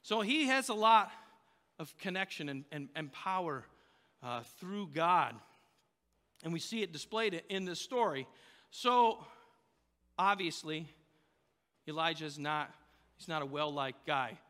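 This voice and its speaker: A man's voice: on the high side, animated, measured pace, pauses often, bright, forceful tone, big-room sound. A man preaching a sermon, telling a story in a loose, conversational way with fillers and restarts. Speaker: pastor.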